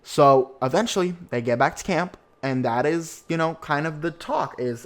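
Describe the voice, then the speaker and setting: A man's voice: a little high, normal speed, hardly any pauses. A young man hosting a casual podcast, chatty and campy, who slips into put-on voices to quote people. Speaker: podcast host.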